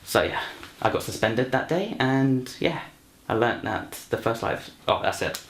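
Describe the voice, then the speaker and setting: Slightly slow but expressive, a medium-pitched young man from London, a university student and actor, introduces himself before launching into a rambling comic story heavy with fillers and restarts. Slight background noise, roomy echo and faint music come through.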